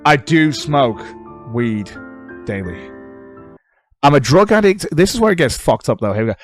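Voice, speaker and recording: A man's voice: medium pitch, expressive, a little fast, dry recording, clean studio sound, soft background music. A British man on a livestream, talking back at posts he reads aloud in a sarcastic, sweary way. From Britain. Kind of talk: casual livestream commentary.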